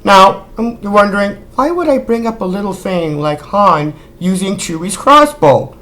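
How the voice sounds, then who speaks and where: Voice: mid-range voice, expressive, normal speed, fairly bright tone. A film critic vlogger ranting casually, sarcastic and exasperated, firing rhetorical questions and scolding the director directly. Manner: rhetorical questions, repeated disbelief.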